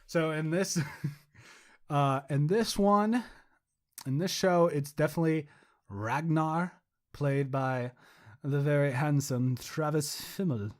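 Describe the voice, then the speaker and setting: A man's voice: a little high, slow, pauses often. A young adult man co-hosting a podcast, rambling casually, swearing and mocking himself. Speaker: podcast co-host.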